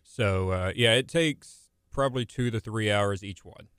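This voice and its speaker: Low-voiced young man chatting casually. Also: a little slow, a bit bright, clean tone, dry recording. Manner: rambling, restarts sentences often. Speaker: small business owner and stay-at-home dad. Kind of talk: casual chat.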